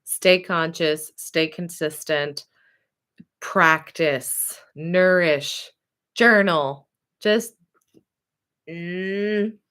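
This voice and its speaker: A woman's voice: lowish voice, a bit bright. A woman hosting her own vlog, giving herself and her viewers a chatty, emphatic pep talk while recording at her desk. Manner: chatty, self-talking pep talk, drawn-out emphatic words. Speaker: vlog host. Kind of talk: casual motivational vlog talk. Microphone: camera or computer mic at desk.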